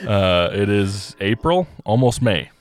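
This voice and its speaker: A man's voice: lowish voice, expressive, slow. A young man co-hosting a casual podcast, retelling a story with slangy asides and lots of laughter. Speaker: podcast co-host.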